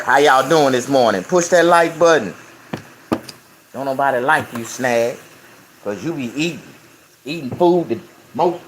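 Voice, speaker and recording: A man in his fifties talking loudly and casually to his viewers while eating, rambling and preaching between bites and humming over his food. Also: a little high, slight background noise. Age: 50s. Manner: loud, preachy, with rambling riffs; chews and hums with food in his mouth. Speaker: YouTube vlogger.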